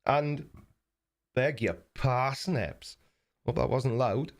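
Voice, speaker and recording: Rambling South Welsh man on a live stream. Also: mid-range voice. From South Wales. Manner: rambling, halting, repeats words, blunt and mocking. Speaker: YouTube live stream host. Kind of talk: casual live stream chat reading viewer messages.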